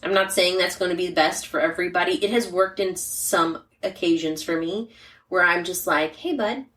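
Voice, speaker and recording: A woman's voice: fairly low pitch, flat delivery, normal speed, a bit bright. A woman co-hosting a podcast about parenting, chatting in a straightforward way with lots of casual fillers and murmured agreement. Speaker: podcast co-host, mother. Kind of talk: casual chat. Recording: roomy and distant from the mic.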